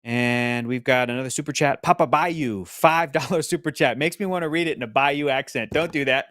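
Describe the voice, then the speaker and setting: A man's voice: mid-range voice, a little fast, a bit bright, no echo. A man co-hosting a podcast, chatting at length in a rambling, jokey way. His mid-range voice sits close to a dry mic. He reads viewer comments aloud and riffs on them. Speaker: podcast co-host reading super chats. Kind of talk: casual chat.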